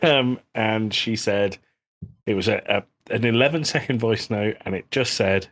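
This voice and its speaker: A man's voice: fairly low pitch, slow pace, long pauses, a bit bright. A British man co-hosting a comedy podcast, chatting casually and rambling through jokes. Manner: joking, rambling. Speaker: podcast co-host.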